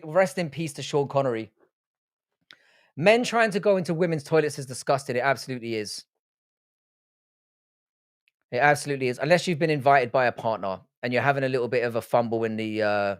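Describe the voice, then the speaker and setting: A man's voice: mid-range voice, fairly quick, pauses often. A young man chats loosely on a livestream, reading out comments and tossing off crude jokes as he rambles. His voice sits in an ordinary middle register. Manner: rambling, crude and jokey, reads chat aloud. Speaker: livestream host. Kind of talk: casual livestream chat.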